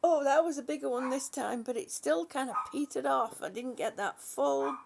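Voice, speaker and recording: A woman with a high, gravelly voice hosts a casual livestream from her home. She greets her viewers one by one, yawns now and then and laughs easily as she loses her place in what she was saying. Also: moderate pace, background noise. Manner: chatty, warm greetings, yawning, laughing, losing her train of thought. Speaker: livestream host. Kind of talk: casual live chat with viewers.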